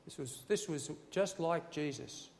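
A man preaching a sermon and reading scripture, fervent and building to loud, emphatic passages. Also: a little high, measured pace, a little hiss or hum. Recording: long reverb in a large hall.

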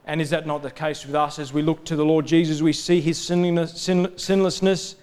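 A man preaching a sermon in a steady, rhythmic cadence, building lists of parallel phrases. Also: on the high side, fairly quick, few pauses, clean tone.

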